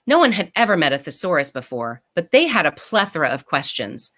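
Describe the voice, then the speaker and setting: A woman's voice: low voice, a little fast. Woman author reading a storybook aloud. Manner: animated, explains words simply for kids. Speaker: picture book author.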